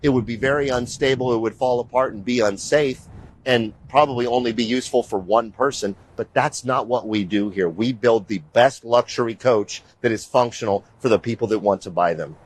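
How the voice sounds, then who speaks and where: The host of this show, a middle-aged man, chats casually and with energy while walking viewers around, rambling and often addressing them as "you guys." His mid-range voice is brisk, and the recording is rough.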